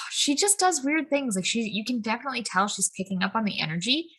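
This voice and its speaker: Rambling bright-voiced woman podcaster. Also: fairly high pitch, animated, brisk, slightly rough. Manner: rambling, full of "like" and "um", tangents. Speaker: podcast co-host. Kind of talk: casual spiritual chat.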